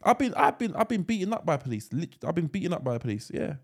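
A man's voice: on the high side, sing-song, quick pace. A man co-hosting a podcast in casual chat, rambling and restarting his sentences, with a lot of slang. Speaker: podcast co-host.

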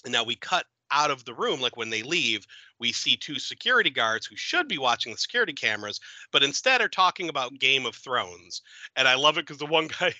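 A man hosts a casual podcast, walking through a movie's plot with a lively, swooping voice. He sounds bright and forward, and giggles often as he tells the story. The recording is dry and close. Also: medium pitch, brisk, no room sound, rough recording. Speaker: podcast host. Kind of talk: casual film review chat.

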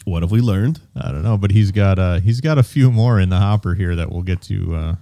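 Male podcast host, casual laid-back banter, mellow low voice. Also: brisk, no room sound.

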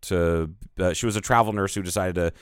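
Deep, smooth-voiced man telling stories. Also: a little fast, dry recording, clean studio sound. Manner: rambling storyteller, jokey, self-correcting. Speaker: podcast co-host. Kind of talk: casual chat.

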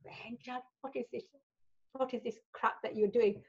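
A shocked, scolding middle-aged mother with an Indian accent, as a woman puts her on while telling a story on a podcast. She sounds high and indignant. The audio is slightly dull. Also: fairly even intonation, normal speed, husky.

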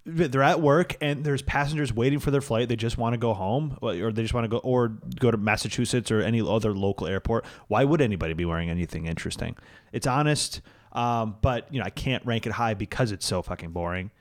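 A man's voice: medium pitch, fairly quick. A man co-hosting a casual podcast chat, rambling and casually swearing as he reviews a sitcom. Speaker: podcast co-host.

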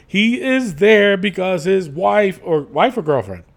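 His voice sits high and gravelly, and he speaks unhurriedly. As co-host of a casual wrestling podcast, he rants in an animated, profane way, cursing as he goes.

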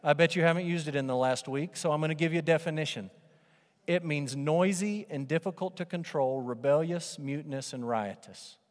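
A man's voice: on the high side, a little fast. A male pastor preaching a sermon, animatedly acting out the voices of the doubters and of Moses. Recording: preaching in a reverberant hall.

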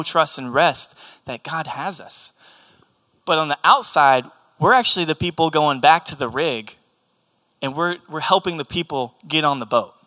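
A man's voice: fairly high pitch, sharp tone. A man preaching a sermon, earnest and emphatic, repeating his key phrases for weight.

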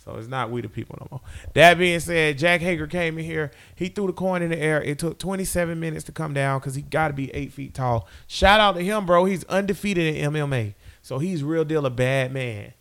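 A man co-hosting a podcast, talking loudly and trash-talking in casual sports chat. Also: on the high side, brisk, vocal fry, hardly any pauses. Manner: loud, animated trash talk. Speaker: podcast co-host.

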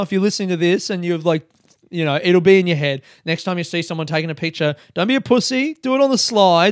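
A man's voice: on the high side, no room sound, clean studio sound. Rambling, sweary man. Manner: swears a lot, rambling and self-mocking. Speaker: podcast host. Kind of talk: casual solo monologue.

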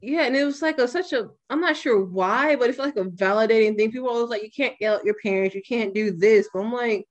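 A young woman hosting a podcast, talking bluntly and with plenty of swearing in a casual, animated way. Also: a little high, fast, hardly any pauses, muffled recording. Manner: blunt and profane, animated retelling. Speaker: podcast host.

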